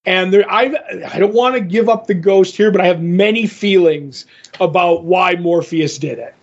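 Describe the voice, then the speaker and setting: Husky high-voiced man retelling a comic. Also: dull audio. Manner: retells scenes with quick voiced quotes. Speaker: podcast co-host. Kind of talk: casual comic-book chat.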